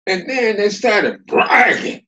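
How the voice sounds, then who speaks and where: Brief: older male folktale teller, animated sing-song delivery, dialect-rich and folksy. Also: high-pitched, slow, muffled recording. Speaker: storyteller. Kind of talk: folktale storytelling.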